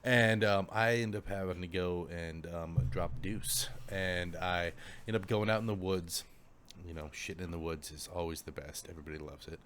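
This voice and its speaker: A man's voice: sits low, fairly even intonation, moderate pace, fairly bright tone, a little hiss or hum. A young man from the Pacific Northwest co-hosting a podcast, telling a story in a casual chat, laughing often and swearing freely. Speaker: podcast co-host.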